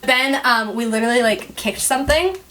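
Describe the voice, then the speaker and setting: A woman's voice: fairly high pitch, brisk, noisy background. A young woman co-hosting a podcast, talking bluntly in casual chat about her shifts as a server. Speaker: podcast co-host.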